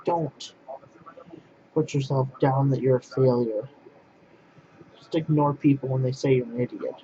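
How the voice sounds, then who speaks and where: A man vents bluntly to his webcam, circling back over the same phrases again and again. His voice sits at a middling pitch, and the recording is muffled and lo-fi. A faint hiss runs underneath. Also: fairly even intonation, unhurried, dark tone. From Poland. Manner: blunt, repetitive, restarts phrases. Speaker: vlogger. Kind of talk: casual ranting monologue to camera.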